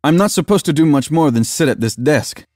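A man's voice: a little high, animated, brisk, darkish tone, no room sound, clean studio sound, voice pushed up, close to an everyday voice. A man voicing a sly, work-shy police officer with a whiny, laid-back way of talking.

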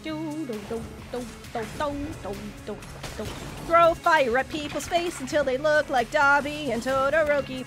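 A woman's voice: sits high, normal speed. A woman streaming a game, giving dramatic, self-mocking commentary and yelping when panicked. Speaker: gaming streamer. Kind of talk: casual let's-play commentary. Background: game music.

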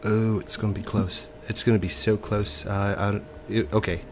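A let's play host with a fairly low voice that barely moves in pitch commentates a game at normal speed in a fake English accent. He sounds congested, stumbles with ums and self-corrections, and there's a slight hiss or hum in the recording.

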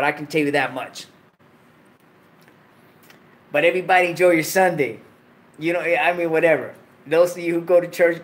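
A man hosting a late-night livestream, talking casually, full of slang and profanity and joking between laughs. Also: a little high. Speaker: livestream host.

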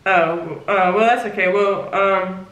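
Bright-voiced young woman, joking co-host. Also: medium pitch, measured pace, far from the mic, highs cut off. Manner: joking, easygoing banter. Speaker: vlog co-host. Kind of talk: casual vlog chat. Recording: echoey room, faint hiss.

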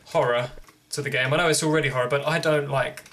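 Bright-voiced young man, jumpy game commentary. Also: mid-range voice, steady tone, quick pace, a little hiss or hum. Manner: jumpy, jokey, talking to himself. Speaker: gaming video host. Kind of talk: horror game let's play commentary.

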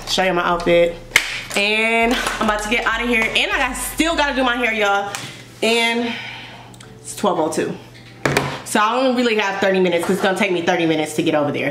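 A young woman with a Los Angeles accent talks casually to her camera, chatty and quick to call her viewers y'all. Her voice sits at a middle pitch. Clear background noise runs under her talk. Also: roomy sound. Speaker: vlogger. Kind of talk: casual vlog chat to camera.

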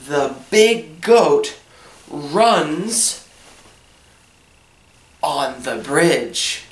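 Very slow, echoey male English teacher. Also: high voice. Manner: asks each question, then answers it in simple words. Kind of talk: slow question-and-answer lesson narration. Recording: echoey room, voice from a distance.

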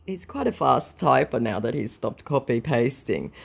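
A woman's voice: extremely low pitch, animated, measured pace, creaky, slightly rough. A woman at home giving blunt, sarcastic, casual commentary on chat messages, swearing freely. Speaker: scam baiter. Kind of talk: casual commentary reading chats.

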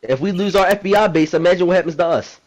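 A man playing a fast-talking profane president. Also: high voice, darkish tone, lightly acted, rough recording. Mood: worried. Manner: profane, rambling street slang. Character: brash foul-mouthed male president, hot-tempered and defiant. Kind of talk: video game role-play drama.

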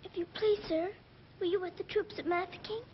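A woman's voice: very high voice, steady tone, a little fast, slight background noise. A young girl speaking politely and earnestly in a 1930s film. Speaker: little girl lead in a film. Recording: dull old film soundtrack.

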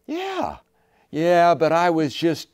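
A man's voice: a little high, huge pitch swings, slow, a little mellow, clean tone, no echo, clean studio sound, pitched above the performer's own voice, exaggerated voice. A man voicing an angry husband who whines that he couldn't help his temper. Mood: defensive. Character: defensive angry husband making excuses.

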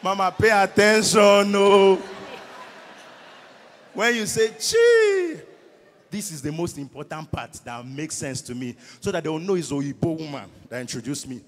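Nigerian guy doing comedy in church, loud n teasing, high voice, big echoey hall. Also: animated, brisk, few pauses. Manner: loud call-and-response, rowdy and teasing. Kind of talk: stand-up comedy at a church service. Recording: echoey hall with long reverb.

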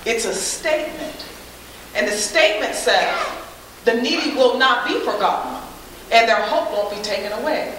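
A woman gives a faith-based speech in a preacherly way, her fairly high voice climbing to loud, emphatic peaks. She is heard from a distant mic in a hall with heavy echo. A faint hiss runs under the recording. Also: lively intonation, normal speed. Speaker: guest speaker.

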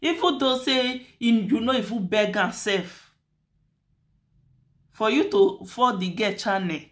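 Speaking slowly in a voice on the high side, this Nigerian-accented commentator walks through a dispute in Nigerian Pidgin. Her tone is chatty and preachy, and she keeps circling back to the same points.

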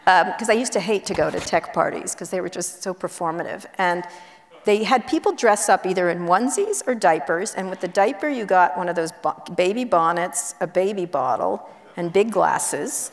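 A woman journalist telling blunt, brisk anecdotes with many asides, on stage in a university auditorium. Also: lowish voice, animated. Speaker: guest journalist. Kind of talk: onstage conversation, storytelling. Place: university auditorium before an audience. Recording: echoey auditorium hall.

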